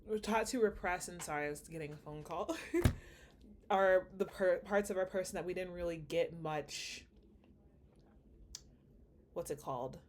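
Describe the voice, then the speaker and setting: A woman's voice: on the low side, measured pace, pauses often, darkish tone, a little hiss or hum. Woman musing aloud with a slight Nigerian accent. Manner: rambling, thinking aloud with many fillers. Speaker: vlogger. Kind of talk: casual reflective monologue.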